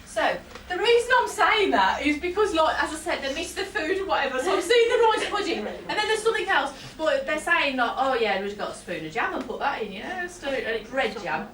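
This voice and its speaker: A woman's voice: high-pitched, big pitch swings, brisk, few pauses, a bit bright. A woman working as a psychic medium, giving a chatty reading to a live audience. She laughs often and breaks off with apologetic asides. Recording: roomy hall, distant mic, faint noise.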